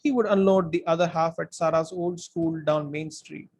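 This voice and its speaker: A man reading a storybook aloud in an expressive way, now and then speaking to his listeners. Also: fairly high pitch, moderate pace. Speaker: book reader. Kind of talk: audiobook-style story reading.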